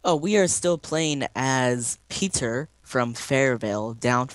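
A man's voice: medium pitch, slow pace, dry recording. A man, the guest who made the game map, giving short, helpful answers in casual chat.

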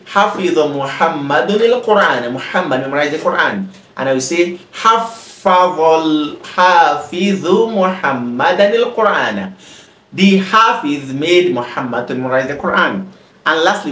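A man with a somewhat high voice teaches a grammar lesson as a tutor. He reads example sentences briskly and then translates them slowly, recorded in an echoey room. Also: a bit bright. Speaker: Arabic teacher. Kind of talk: explaining an Arabic grammar exercise in English.

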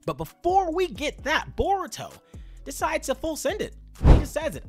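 A man's voice: very high voice, wildly swooping pitch, moderate pace, soft background music. A man giving a casual, slangy recap of a manga chapter, talking straight to his viewers. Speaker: anime and manga commentator.

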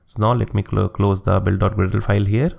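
A man hosts a screen-recorded programming tutorial, explaining each step as he does it. His voice sits fairly low with a gravelly fry, and he keeps a steady, methodical pace. Keyboard clicks can be heard around him. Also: fairly quick. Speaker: coding tutorial host.

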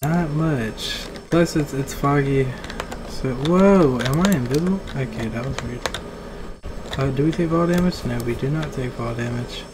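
Woman gamer, low and unhurried, mutters trash talk over gameplay; desk mic with clear typing noise. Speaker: gaming video creator. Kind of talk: casual gameplay commentary. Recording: audible keyboard typing and room noise.

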